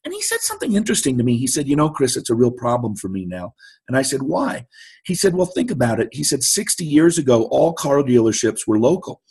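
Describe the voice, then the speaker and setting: Speaking fast in a mid-range voice edged with breathiness, a middle-aged guest shares a story during an interview. He's animated and mimics the voices of those he quotes.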